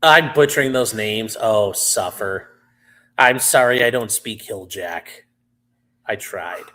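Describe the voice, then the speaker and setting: A man chatting loosely on a livestream, his bright, sharp voice bouncing all over in pitch. He rambles through viewer comments with plenty of fillers and the odd swear word, close to the mic. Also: expressive, measured pace. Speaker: livestream host. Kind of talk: casual livestream chat answering viewers.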